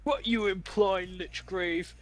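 A man's voice: sits high, fairly even intonation, slow, a loud crowd. A man in a group voice chat, bickering and teasing his friends with mock tough-guy talk over a game. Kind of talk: casual gaming banter.

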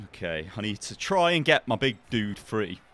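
A man's voice: fairly low pitch, very animated, normal speed, a bit bright. Chuckling man muttering game moves. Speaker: gamer playing against a friend. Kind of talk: casual gameplay chat.

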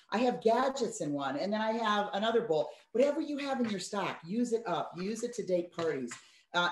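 Woman sales trainer, lively chatty delivery, echoey room sound. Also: medium pitch. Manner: lively, chatty, acts out her party patter. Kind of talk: training talk with party tips.

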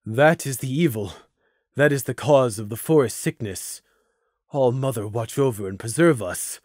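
A man voicing a forest pony who speaks numbly and gravely. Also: mid-range voice, moderate pace, dry recording, studio quality, pitched below the performer's own voice, lightly acted. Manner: numb, hushed and grave. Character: solemn, numbed forest pony elder.

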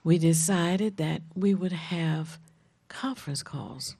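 A woman co-hosting a community TV talk show, telling stories in an animated way about her group's work. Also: deep voice, slow pace, slightly rough, no room sound. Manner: animated storyteller. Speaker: co-host and community organizer. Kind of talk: casual talk show chat.

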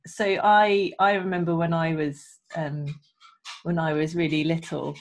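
A woman guest on a video call, telling her career story in an animated way with frequent laughs. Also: sits low, a little slow. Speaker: guest, radio producer and engineer. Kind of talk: casual interview chat.

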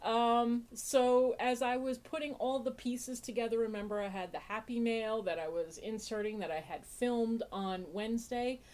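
Opening mail on her casual podcast, a woman gushes, laughs a lot, and cracks sarcastic jokes at her own expense. Her voice sits on the high side with a darkish tone, moving at normal speed with hardly any pauses.

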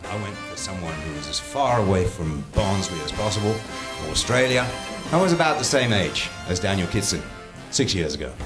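A man's voice: deep voice, animated, normal speed. A man compering at a comedy club, introducing the next act with a dry delivery. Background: music.

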